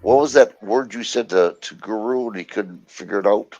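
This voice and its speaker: A man chatting casually, speaking haltingly and repeating his words. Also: fairly low pitch, a little mellow, muffled recording. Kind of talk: casual chat.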